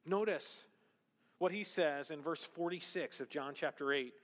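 A man preaching a sermon as pastor, emphatic, rising to loud, high exclamations and dropping to quiet, low stretches. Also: unhurried. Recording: long reverb of a large hall.

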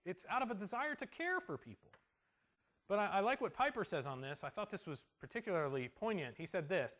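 A man preaching a sermon as pastor in a church, telling stories with an animated delivery that drops to a soft hush for emotional moments. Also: high voice.

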